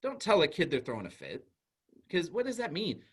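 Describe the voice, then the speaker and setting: A man speaking to parents in a relaxed, chatty way, his voice sitting a little high and swinging widely in pitch. He keeps slipping into quick acted exchanges to make his points. The tone is that of a school psychologist explaining things plainly. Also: husky. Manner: animated, conversational, acts out little dialogues. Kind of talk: informal talk to parents.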